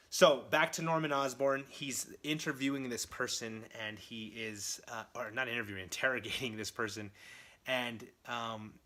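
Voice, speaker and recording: Enthusiastic young comic fan. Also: male voice, mid-range voice, pushed and bright. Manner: enthusiastic, rambling with fillers. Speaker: comic book reviewer. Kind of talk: casual comic review vlog.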